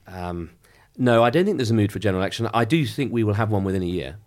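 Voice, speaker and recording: A middle-aged man, a member of Parliament, giving a measured, emphatic political interview with frequent restarts. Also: lowish voice, expressive, a little mellow.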